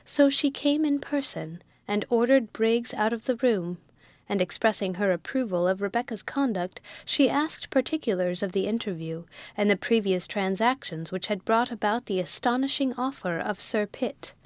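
A woman narrating a classic novel in a measured, even storytelling manner, close to the mic. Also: mid-range voice, no echo. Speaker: audiobook narrator.

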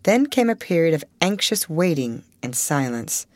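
A woman reads an audiobook with a fairly low but very lively voice, shaping each sentence expressively. The recording is dry and close to the mic. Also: moderate pace, no echo. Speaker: audiobook reader. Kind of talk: scripted audiobook narration.

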